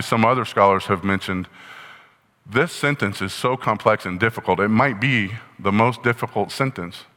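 Bright-voiced male pastor in a reverberant hall. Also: fairly low pitch. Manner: conversational teaching, asks the congregation questions. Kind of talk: sermon.

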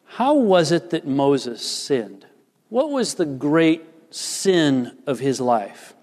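Earnest preacher with high-set voice, echoey hall. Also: male voice, very animated, slow pace, darkish tone. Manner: earnest, emphatic preaching with varied pace. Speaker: pastor. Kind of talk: sermon with scripture reading.

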